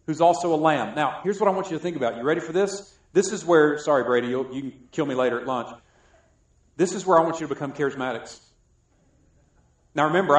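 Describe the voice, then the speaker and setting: A man from South Carolina preaching a sermon, joking and swinging between loud and soft. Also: a little high. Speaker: pastor. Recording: echoey room.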